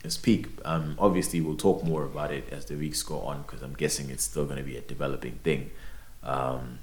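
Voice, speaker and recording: A young man chatting casually as a podcast host, swearing and repeating words as he tells an animated story. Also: extremely low pitch, a little fast, a little hiss or hum. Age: young adult. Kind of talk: casual chat. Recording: roomy echo.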